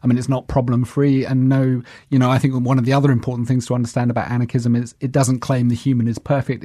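Articulate man with mellow voice. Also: medium pitch, dry recording. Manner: articulate, fluent, earnest. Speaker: guest. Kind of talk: casual conversational interview.

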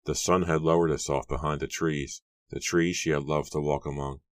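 A man's voice: a bass voice, flat delivery, normal speed, dry recording, clean studio sound. A man narrating an audiobook with an intense, emotional delivery. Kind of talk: dramatic audiobook reading.

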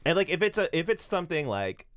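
A man speaking earnestly in casual podcast chat, often trailing off softly. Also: fairly high pitch, very animated, fast talker, no echo.

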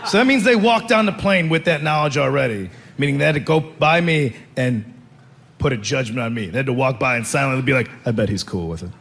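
A man's voice: medium pitch, lively intonation, fairly quick, creaky, fairly bright tone. A man performing stand-up comedy, telling a rambling, self-mocking story.

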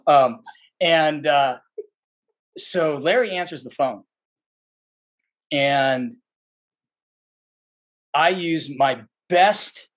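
A man's voice: a little high, extremely slow, pauses often. Rambling male podcast guest telling stories. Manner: rambling, with many fillers and restarts; animated when quoting people. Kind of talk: casual anecdote telling.

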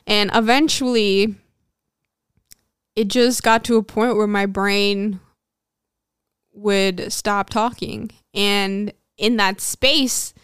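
A woman's voice: mid-range voice, fairly bright tone, clean tone, no room sound, clean studio sound. A young woman hosting a podcast, telling a personal story in a frank, chatty way with lots of filler words. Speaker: podcast host.

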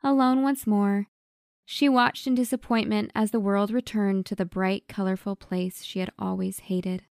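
A woman's voice: medium pitch, fairly even intonation, normal speed, creaky, a little mellow, dry recording. Female storybook narrator, wry and dramatic, dry close sound.

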